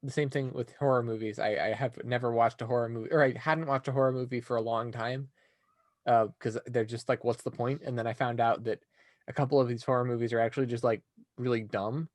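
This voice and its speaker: Man, podcast co-host, casual chat, blunt, animated, dry close sound. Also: mid-range voice, fairly quick, no echo.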